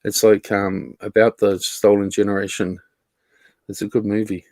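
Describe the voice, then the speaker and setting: A man's voice: lowish voice, little pitch movement, moderate pace, darkish tone, no room sound. Rambling man with a dry, close sound. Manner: rambling, filler-heavy, swears casually. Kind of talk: casual chat.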